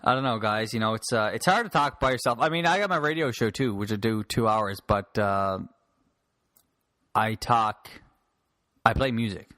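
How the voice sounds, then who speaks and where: A man's voice: fairly low pitch, moderate pace, pushed and bright, no room sound, studio quality. Rambling, foul-mouthed male podcast host. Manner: rambling, restarts a lot, swears freely. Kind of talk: casual solo podcast monologue. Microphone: handheld mic held close.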